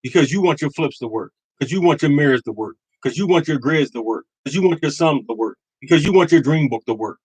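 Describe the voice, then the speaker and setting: A man's voice: a little high, animated, fast, few pauses, a little mellow, husky, no echo, poor audio. A man in his fifties or older hosting a live lottery tips stream, greeting chat viewers by name and repeating his points with emphatic conviction. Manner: emphatic and repetitive, preaching conviction.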